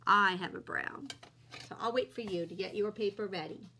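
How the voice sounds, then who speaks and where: A woman teaching young children phonics, slowly sounding out letters and vowel sounds with patient encouragement. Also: medium pitch, sharp tone, a little hiss or hum.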